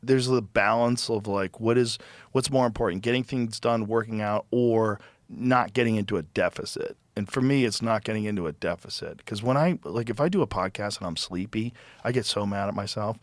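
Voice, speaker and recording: A man's voice: fairly low pitch, brisk, dry recording. Blunt, laid-back man in dry studio. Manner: relaxed, profane, gives blunt advice. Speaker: podcast host. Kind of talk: casual chat.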